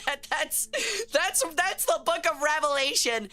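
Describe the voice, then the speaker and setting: A woman's voice: sits high, expressive, measured pace, bright, forceful tone. A woman streamer chatting casually on a live stream, slangy and joking as she reacts to chat, with faint music behind her.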